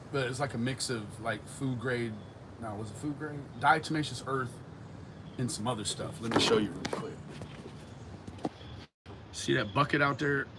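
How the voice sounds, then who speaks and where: A man chatting casually with viewers on a livestream, animated and joking, swearing and laughing often. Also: mid-range voice, background noise. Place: outdoors in a backyard.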